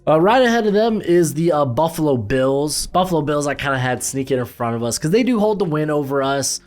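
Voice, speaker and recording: A man's voice: a little high, lively intonation, fairly quick, few pauses, faint music behind. A man giving casual football commentary as host, loose and rambling with lots of fillers and restarts.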